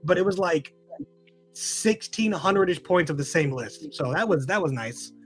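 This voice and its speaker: A man's voice: on the high side, lively intonation, moderate pace, faint music behind. A man hosting a casual podcast chat, telling rambling self-mocking stories full of fillers. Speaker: podcast host.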